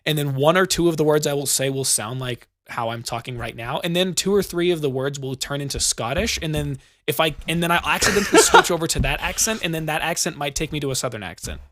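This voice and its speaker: Young American guy hosting, slightly high voice, swears and rambles. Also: fast talker, hardly any pauses, a bit bright, no room sound. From United States. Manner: swears freely, rambling, emphatic. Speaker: podcast host. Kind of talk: casual podcast chat.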